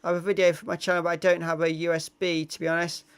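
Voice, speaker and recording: A man's voice: a little high, flat delivery, rapid-fire, smooth. A middle-aged English man chatting casually on a live stream, reading out viewer comments with frequent ums and uhs. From England.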